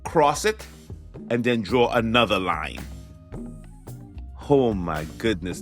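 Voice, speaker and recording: A man talks through a motivational episode as its host, his voice sitting fairly high for a man and swinging widely in pitch. He hammers his main points by saying them again and again. Soft music plays faintly under his voice. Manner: animated, emphatic, repeats key phrases. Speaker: podcast host. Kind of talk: motivational talk.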